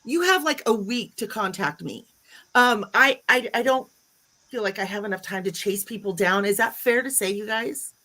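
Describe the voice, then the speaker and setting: A woman's voice: mid-range voice, normal speed, bright, forceful tone. A woman hosting a casual livestream chat, greeting viewers and chatting in a bubbly way. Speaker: YouTube channel host.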